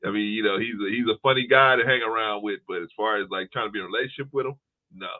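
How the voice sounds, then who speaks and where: A man's voice: fairly low pitch, racing. A man co-hosting a podcast, laughing often and rambling through anecdotes in casual chat. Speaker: podcast co-host. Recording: tinny phone-like line.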